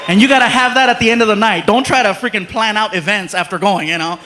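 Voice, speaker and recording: A male comedian telling stories on stage, animated and acting out voices. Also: high voice, fast, a little hiss or hum. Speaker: stand-up comedian. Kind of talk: stand-up storytelling. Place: live show before a loud crowd. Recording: live stage mic with loud crowd.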